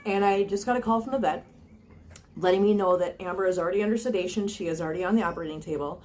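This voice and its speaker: A woman's voice: on the low side, quick pace, darkish tone. A woman vlogging casually to her viewers on a phone camera. She talks in an earnest, chatty way, with many ums and restarts. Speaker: cat channel vlogger. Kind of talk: casual vlog talk to viewers.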